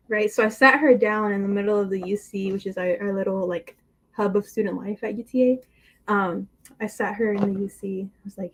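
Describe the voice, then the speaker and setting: A young woman on a podcast as a guest, telling a story in a casual, animated way and acting out the voices of friends on a video call. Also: mid-range voice, moderate pace. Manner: animated, acts out quoted friends. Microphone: computer mic on a video call.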